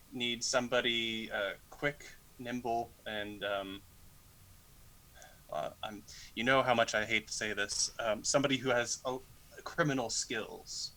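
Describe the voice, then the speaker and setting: A man's voice: mid-range voice, bright, forceful tone, poor audio. A man playing an awkward adult male cleric who hesitates and restarts his sentences. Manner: hesitant, many fillers and restarts.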